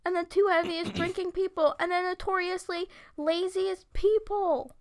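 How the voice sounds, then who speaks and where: A woman's voice: very high voice, normal speed. A woman from Long Island co-hosting a podcast, telling jokey stories in casual chat and swearing freely. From Long Island, New York. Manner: animated joking storyteller, swears freely. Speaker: podcast co-host.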